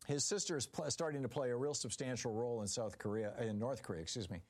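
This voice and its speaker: A man's voice: medium pitch, fast talker, a little mellow. A man hosting a political call-in radio show, talking in a sardonic, chatty way with frequent ums and restarts. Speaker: radio talk show host. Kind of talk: political talk radio monologue.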